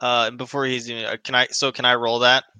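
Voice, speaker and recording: A man's voice: mid-range voice, fast, clear, resonant tone, dry recording, poor audio. A man playing a tabletop game, chatting casually and animatedly. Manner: animated, laughing easily. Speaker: player.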